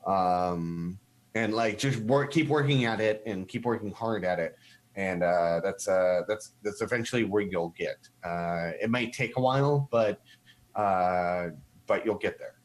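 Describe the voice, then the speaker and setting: Thirties guy, low voice, loose and sweary guest on a podcast. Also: unhurried. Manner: loose and profane, with many fillers. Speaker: guest streamer. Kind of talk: casual podcast chat.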